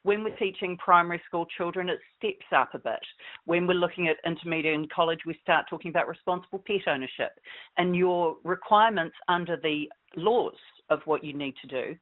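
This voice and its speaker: A woman's voice: lowish voice, brisk. A woman, a guest expert explaining things steadily in an interview. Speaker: guest expert on dog safety. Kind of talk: interview answers. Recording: tinny phone line.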